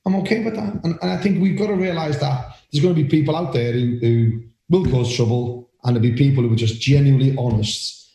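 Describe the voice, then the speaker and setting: An older man with a Liverpool accent, chatting loudly and boisterously as a podcast co-host about refereeing. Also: medium pitch, a little fast, echoey room, low-quality recording. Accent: Liverpool (Scouse). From Liverpool, England. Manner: loud, boisterous, rambling. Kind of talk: casual chat.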